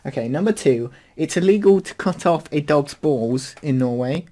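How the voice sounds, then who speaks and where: A man's voice: fairly high pitch, animated, normal speed, mellow. A man hosting a podcast in casual chat, rambling and hesitant with lots of fillers. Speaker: podcast host.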